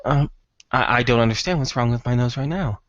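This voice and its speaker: A man voicing an excitable male hacker who rambles and stammers eagerly. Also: medium pitch, a little fast, no echo, highs cut off, natural voice. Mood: puzzled.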